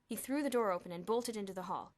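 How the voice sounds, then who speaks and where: A woman reads a children's novel aloud as an audiobook, telling the story expressively. Her voice is mid-range and her pace quick.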